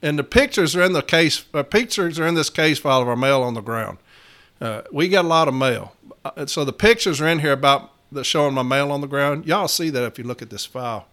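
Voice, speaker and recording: This man speaks a little high, with an expressive, brisk delivery and a fairly bright tone. He's a union shop steward sharing a work story with his viewers, blunt, profane and emphatic, folksy in manner and often addressing them directly as y'all.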